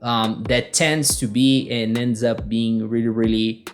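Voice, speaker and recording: A man's voice: mid-range voice, little pitch movement, unhurried, faint music behind. Man teaching English casually. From Brazil. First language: Portuguese. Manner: conversational, checks in with frequent tag questions. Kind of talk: solo podcast lesson.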